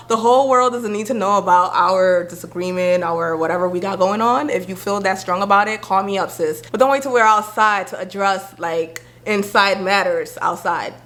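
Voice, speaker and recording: A young woman vlogging to camera, talking candidly and with attitude, acting out friends in quick quoted voices. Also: mid-range voice. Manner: animated, sassy, acts out friends' voices.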